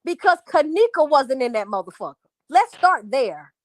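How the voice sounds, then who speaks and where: A woman's voice: high-pitched, sing-song, moderate pace, no room sound, studio quality. A woman hosting a livestream, venting angrily to her viewers in a profane, repetitive rant. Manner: angry, profane, repetitive, addresses chat as y'all. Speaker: livestream host.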